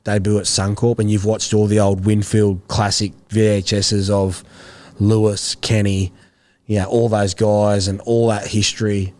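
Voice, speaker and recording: A relaxed Australian man in his thirties, an ex-footballer spinning loose, slangy anecdotes as an interview guest. His voice sits fairly low, and he talks in an easy, unhurried way. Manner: laid-back, rambling anecdotes with slang. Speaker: interview guest, former rugby league player. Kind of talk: casual interview storytelling.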